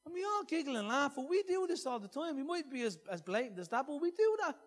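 Male preacher with a high voice, earnest, shifting from loud emphasis to hushed scripture. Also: sing-song, fast. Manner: earnest, swinging between loud emphasis and soft hushed reading. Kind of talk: sermon.

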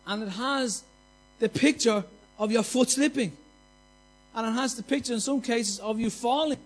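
A man's voice: very high-pitched, normal speed. A man preaching a passionate, conversational sermon full of repetition and anecdotes.

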